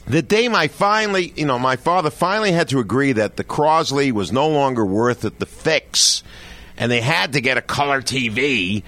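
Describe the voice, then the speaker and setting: An older man telling a comic monologue from his childhood, chatty and animated, speaking straight to his audience. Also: mid-range voice, normal speed, dry recording. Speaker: storyteller.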